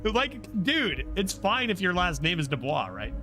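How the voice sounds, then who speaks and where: A man streaming a video game, commenting casually in an excitable, self-mocking way. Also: high voice, unhurried. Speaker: gaming streamer. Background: game music.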